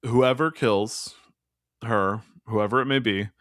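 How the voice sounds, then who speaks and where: A man's voice: medium pitch, slow, a bit bright, dry recording, studio quality. A man co-hosting a podcast, recapping a film in casual, jokey chat full of fillers. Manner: rambling, jokey, many fillers. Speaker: podcast co-host.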